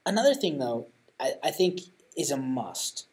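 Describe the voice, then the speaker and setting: A man's voice: mid-range voice, big pitch swings, moderate pace, a little mellow, low-quality recording. Earnest man sharing parenting tips. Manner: earnest, many restarts, rising emphasis on key points. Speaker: podcast co-host giving parenting tips. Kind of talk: casual chat.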